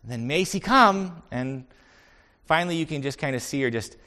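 A man's voice: medium pitch, fairly quick. A man pastor delivering an earnest sermon, telling stories and building to emphatic points. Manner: earnest, storytelling preacher with rising emphasis.

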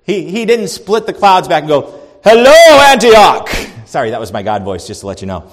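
A man preaching a sermon as pastor, animated and swinging between loud and soft. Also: fairly high pitch, fast. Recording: long reverb of a large hall.

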